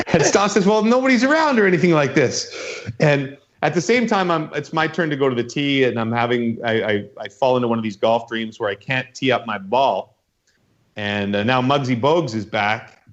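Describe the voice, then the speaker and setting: A man's voice: medium pitch, moderate pace. A man hosting a podcast in casual chat, rambling through a story and acting out the voices in it. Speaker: podcast host. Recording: dull lo-fi sound.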